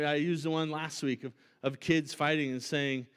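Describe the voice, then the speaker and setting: A man preaching as a pastor, in a conversational and animated style, often checking in with "right?". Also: fairly high pitch, moderate pace, hardly any pauses, smooth. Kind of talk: sermon. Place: church auditorium.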